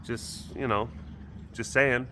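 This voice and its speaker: A man's voice: medium pitch, steady tone, slow, pushed and bright, slight background noise. A man voicing a flirty female lynx who begs for attention, coaxing and teasing in a put-on Russian accent. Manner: coaxing, sing-song, teasing.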